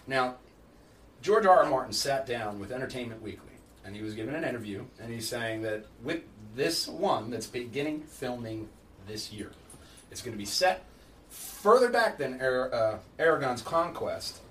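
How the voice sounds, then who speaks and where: A man hosting a casual podcast chat, animated and laughing often, explaining things at length. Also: medium pitch, moderate pace. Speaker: podcast host. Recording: echoey room, distant mic, faint noise.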